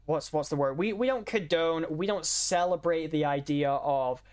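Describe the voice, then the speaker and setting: A woman's voice: low-pitched, moderate pace, darkish tone. Chatty young woman rambling casually. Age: young adult. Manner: chatty, rambling, lots of fillers. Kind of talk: casual chat.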